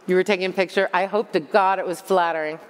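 A woman's voice: lowish voice, steady tone, brisk. A middle-aged woman from the United States giving a candid, self-mocking conference talk and answering audience questions. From United States (Long Island). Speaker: conference speaker. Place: conference hall. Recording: long hall reverb.

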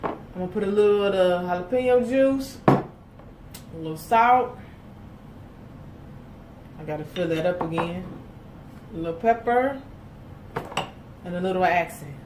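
A home cook host chats casually with viewers while cooking in her kitchen, speaking in a chatty, folksy way and calling them "y'all." Her voice is on the low side, expressive and unhurried, with long pauses. Background noise and roomy, distant audio come from a camera set off to the side.

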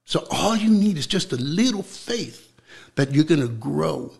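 A young man preaching with fervor in an interview, repeating words as he builds, then dropping to a hushed voice for prayer. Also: a little high, animated, a little slow, gravelly.

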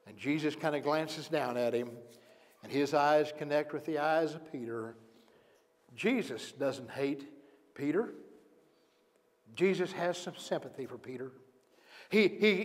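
A man's voice: a little high, big-room sound. A man preaching a sermon as pastor, telling the story dramatically and acting out each character's words. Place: church sanctuary.

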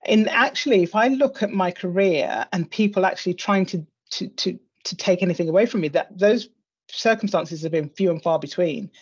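A British woman being interviewed, lower-pitched and earnest, circling back and restarting as she works out her point. The audio is dull and muffled. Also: moderate pace, darkish tone, breathy edge. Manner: earnest, with frequent restarts and repeated words. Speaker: interview guest, senior lawyer. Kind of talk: reflective interview conversation.

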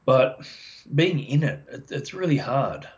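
A man, a dog behaviour expert, explaining as a podcast guest in a chatty, animated way and acting out the voices of dog owners. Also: medium pitch, unhurried. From Australia. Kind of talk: casual podcast interview. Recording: dull lo-fi sound.

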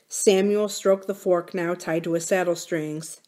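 Brief: a woman reading a classic novel aloud, steady and even. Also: fairly low pitch, unhurried, hardly any pauses. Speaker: library book reader.

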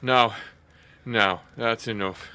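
A man playing a horror game on video, thinking out loud, startling easily and swearing when scared, then thanking viewers. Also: lowish voice, steady tone, slow, background noise. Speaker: let's play gamer.

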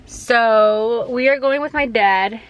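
A woman's voice: a little high, slow pace, poor audio. A young woman vlogging casually on a phone, rambling with lots of fillers and talking to her little son. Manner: rambling, filler-heavy, talks to her toddler. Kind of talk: casual chat. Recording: loud street and traffic noise.

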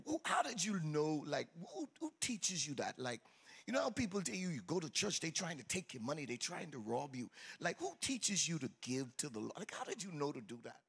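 Fairly high-pitched yet husky with vocal fry, this pastor preaches briskly in a lively sermon full of call-and-response. He teases and calls out to his congregation in an exuberant sing-song, and the faint crowd of churchgoers can be heard in the sanctuary.

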